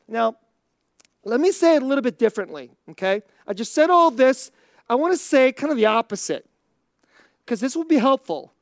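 A woman's voice: on the high side, darkish tone, no room sound, studio quality. A woman giving an informal Christian teaching talk, conversational and thinking aloud, chuckling often between points. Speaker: Christian speaker.

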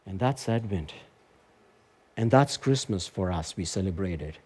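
A man preaching a sermon, telling a personal story and building to emphatic, lively peaks. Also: mid-range voice, normal speed. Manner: animated, climbs to emphatic heights when storytelling and preaching.

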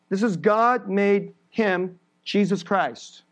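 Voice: mid-range voice, takes it slowly, hardly any pauses. A preacher giving an emphatic sermon, building through repeated phrases and laughing briefly between points.

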